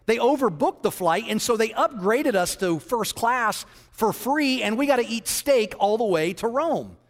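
A man doing a calm, pleased woman customer. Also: very high voice, normal speed, big-room sound.

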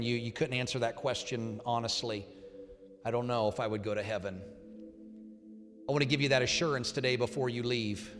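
A man preaching as a pastor, giving an altar call and leading a loud, fervent prayer in a church. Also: medium pitch. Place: church sanctuary. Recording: reverberant hall with faint music.

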